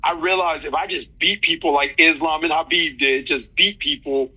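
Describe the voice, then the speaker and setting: A man's voice: on the high side, fairly even intonation, normal speed, pushed and bright, slightly rough, dull audio. A man in his thirties, a fighter talking loosely in an interview, slangy, with many restarts. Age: 30s. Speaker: fighter guest. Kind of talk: casual interview chat.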